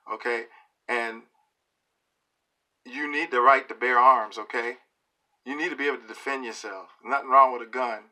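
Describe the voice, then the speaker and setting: A middle-aged man talks straight to camera in a vlog, sounding preachy and emphatic and checking in with his listeners. His voice is bright and forceful at an ordinary male pitch. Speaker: video blogger. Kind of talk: opinion monologue to camera.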